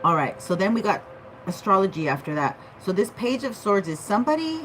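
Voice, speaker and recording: A woman's voice: medium pitch, big pitch swings, a little fast, a bit bright, a little hiss or hum, rough recording. A woman giving a casual tarot reading, chatty and loose, often checking in with "okay?". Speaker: tarot reader.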